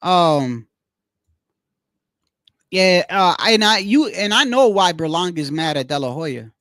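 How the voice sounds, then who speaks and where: A man hosting a casual livestream, rambling in a slangy, animated way and repeating himself as he tells stories. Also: sits high, measured pace, no echo, studio quality. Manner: slangy, rambling, keeps saying "bro". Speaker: livestream host. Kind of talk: casual livestream boxing chat.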